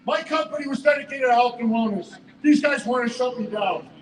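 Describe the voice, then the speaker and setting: A man giving an emotional, stammering speech at an outdoor protest rally, heard through an echoey loudspeaker from a distance. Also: extremely high pitch, brisk, slight background noise. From Canada. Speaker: rally speaker, business owner. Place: outdoor city square rally.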